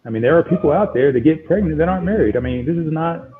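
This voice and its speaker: A man guest telling a story in a conversation, talking in an animated, emphatic way. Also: a little high, fast talker, crowd noise. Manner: animated, emphatic, retells exchanges with repeated "I'm like". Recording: tinny phone-like line.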